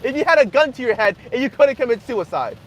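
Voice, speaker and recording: A young man hosting a casual livestream, joking crudely and half-yelling to be heard over loud background noise. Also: very high voice, animated, fast. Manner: crude joking, frequent laughter. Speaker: livestream host. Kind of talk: casual livestream chat with viewers.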